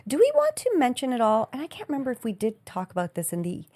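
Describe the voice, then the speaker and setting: A woman's voice: a little high, wildly swooping pitch, fast talker, dark tone. A woman co-hosting a podcast in casual chat, playful and self-mocking, rambling a little. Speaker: podcast co-host.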